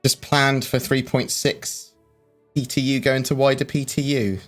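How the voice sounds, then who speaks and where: A man's voice: mid-range voice, level tone, a little slow, a bit bright. A man hosting a casual live chat, rambling and hesitant, with lots of fillers and restarts. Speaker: livestream host. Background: faint background music.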